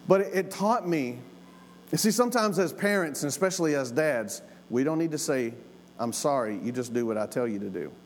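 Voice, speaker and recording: A man's voice: on the high side, lively intonation, fairly quick. A middle-aged man telling a family story in a sermon, folksy and earnest, repeating lines for emphasis. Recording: long hall reverb, faint room noise.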